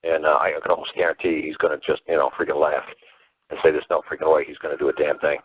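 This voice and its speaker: Low voiced guy rambling on a call-in show, kinda husky, dry phone sound. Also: little pitch movement, fast, no room sound. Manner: emphatic, rambling, repetitive. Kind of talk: call-in talk show advice. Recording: tinny dry phone line.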